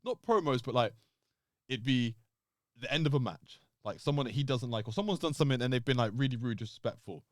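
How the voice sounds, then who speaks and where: A man co-hosting a casual podcast chat, animated, laughing often and swearing as he acts out quotes. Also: medium pitch, quick pace, no echo, clean studio sound. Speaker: podcast co-host.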